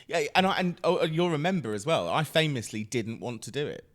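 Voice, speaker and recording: A middle-aged man chatting as a podcast guest, animated, often laughing and restarting his sentences. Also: fairly high pitch, fairly quick. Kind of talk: casual chat.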